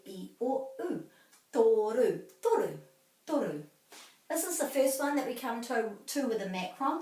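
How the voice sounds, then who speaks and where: A woman teaching pronunciation, slowly and carefully drilling each word with repetition. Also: a little high. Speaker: language teacher. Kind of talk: pronunciation lesson. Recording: echoey room, mic at a distance.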